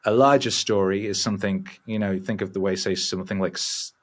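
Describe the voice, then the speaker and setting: This low-voiced man talks briskly. In his forties and appearing as a musician guest in a relaxed interview, he spins profane, meandering tales with lots of animation.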